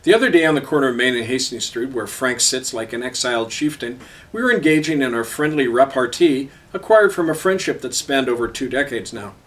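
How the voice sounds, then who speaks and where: A man's voice: mid-range voice, animated, brisk, recorded from a distance. Sardonic middle-aged man reading his column. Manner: sardonic, biting.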